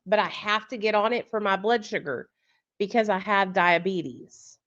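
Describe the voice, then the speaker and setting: A woman's voice: medium pitch, normal speed, fairly bright tone, lo-fi sound. A woman hosting a casual live chat, talking bluntly with frequent swearing and laughter over a video call. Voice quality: blunt, profane, laughs often. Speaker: podcast host.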